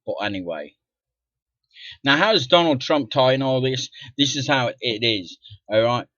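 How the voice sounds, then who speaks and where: A middle-aged man vlogging an indignant, profane rant to camera, dropping to mutters and then bursting out loudly. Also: mid-range voice, lively intonation, normal speed, dry recording. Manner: profane, indignant, swings from muttering to loud outbursts. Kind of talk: ranting monologue to camera. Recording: dull lo-fi dry sound.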